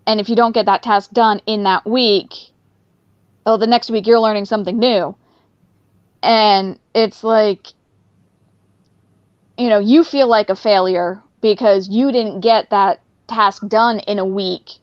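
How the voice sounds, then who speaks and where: A woman guest in a casual conversation who talks in an animated way and often acts out what a dog might be thinking. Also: medium pitch, unhurried, no room sound, highs cut off.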